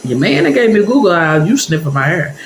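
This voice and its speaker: A woman's voice: lowish voice, fairly quick, echoey room, a little hiss or hum, poor audio. A woman telling a personal story to her viewers in a chatty, casual way, talking straight to them. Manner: animated, chatty, addresses viewers directly.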